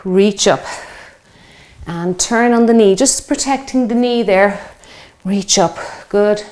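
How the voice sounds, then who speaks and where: A woman's voice: mid-range voice, takes it slowly, darkish tone. Breathless woman leading a workout. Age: 50s. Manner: chatty, encouraging, counts reps aloud. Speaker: fitness instructor. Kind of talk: guided workout instruction.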